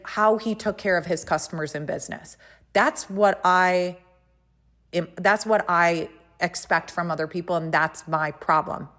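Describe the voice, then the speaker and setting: Brief: woman podcast host, lower-pitched voice, fired-up casual storytelling, speaks right to the audience. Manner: emphatic, indignant, talks to listeners directly.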